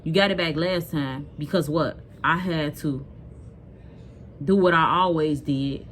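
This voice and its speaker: Mother on camera, low-pitched, scolding and emphatic, talks straight to viewers. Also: unhurried, a little hiss or hum. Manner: animated, emphatic, addresses viewers directly; blunt and scolding. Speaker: vlogger telling a personal story. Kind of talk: casual storytelling to viewers.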